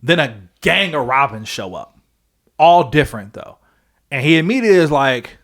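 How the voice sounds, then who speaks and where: A young adult man co-hosting a podcast, excitedly retelling a story in a rambling, casual way with lots of fillers and swearing. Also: fairly high pitch, normal speed. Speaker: podcast co-host.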